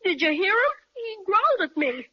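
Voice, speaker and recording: A woman playing an eager, excitable young boy who talks boldly and exclaims often. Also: very high voice, normal speed. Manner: bold, exclaiming, bright. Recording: muffled 1930s radio recording.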